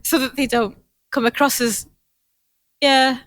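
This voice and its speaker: A woman's voice: sits high, fairly even intonation, a little slow, a bit bright, dry recording. A woman co-hosting a podcast, chatting casually about films in a rambling way and laughing through her words. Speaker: podcast co-host.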